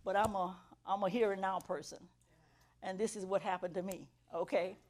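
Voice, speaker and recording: Middle-aged woman preaching a personal testimony, earnest storyteller who swells to emphatic highs. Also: steady tone, normal speed, a little mellow. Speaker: church teacher giving testimony to students. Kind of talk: testimony sermon.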